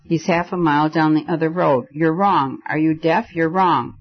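A man voicing a frantic young companion who shouts wildly and bewildered in a story reading. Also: moderate pace, slightly rough, lo-fi sound. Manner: wild, shrill outbursts.

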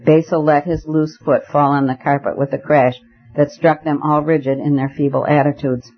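A man narrating a story in a measured, even way as an audiobook reader. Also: on the high side. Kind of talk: scripted narration. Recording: muffled lo-fi recording.

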